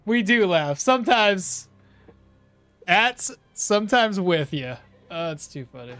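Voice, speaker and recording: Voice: medium pitch, lively intonation, slow, a bit bright, dry recording, faint music behind. A gameplay streamer giving casual commentary, chatting with viewers, reading out chat and laughing at their own jokes.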